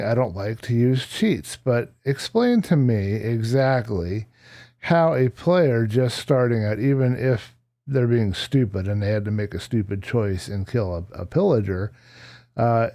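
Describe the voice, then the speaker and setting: A man's voice: mid-range voice, dark tone, no room sound, clean studio sound. A man casually narrating his gameplay as the show's host, chatty and rambling, with self-deprecating asides and a slight cough. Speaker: Minecraft let's-play host.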